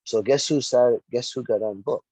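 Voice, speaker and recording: A middle-aged man in casual podcast chat, telling a story with lively acted-out quotes and plenty of swearing. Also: mid-range voice, moderate pace, slightly rough, no room sound, rough recording. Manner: animated storyteller, acts out quotes, profane. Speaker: wrestling referee and podcast guest.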